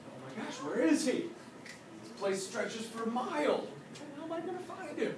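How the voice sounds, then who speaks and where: A man's voice: high-pitched, lively intonation, a little slow, background noise. A man voicing a devoted, grieving young wife who speaks earnestly. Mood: pleading. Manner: earnest, pleading. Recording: echoey room from a distance.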